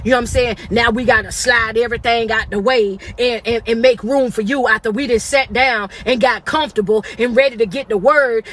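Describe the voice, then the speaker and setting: A woman's voice: on the high side, a bit bright, slight background noise. A woman giving a motivational talk, hammering home repeated lines in a blunt, scolding, informal way. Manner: repetitive, emphatic, preachy refrains. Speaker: motivational speaker.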